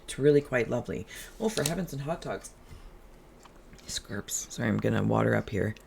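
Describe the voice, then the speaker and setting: A tarot reader hosting a relaxed, channeled reading, who talks in a musing, chatty way and drifts into humming and asides. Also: medium pitch, normal speed, gravelly, slight background noise.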